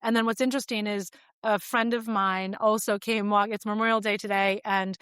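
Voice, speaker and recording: A woman's voice: mid-range voice, steady tone, moderate pace, fairly bright tone, clean tone, dry recording, studio quality. Reflective woman in her forties. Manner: reflective and open, with frequent fillers. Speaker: podcast guest. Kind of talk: candid conversational storytelling.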